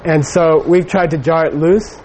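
A man's voice: a little high, steady tone, normal speed, darkish tone, a little hiss or hum, poor audio. A middle-aged man giving a Buddhist teaching, telling a personal story in a rambling way with many fillers. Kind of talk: dharma talk with personal anecdote.

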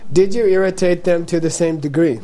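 Playful high-voiced male Buddhist teacher. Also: fairly quick, mellow. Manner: playful, repetitive, acts out dialogues, laughs often. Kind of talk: teaching talk to a live audience.

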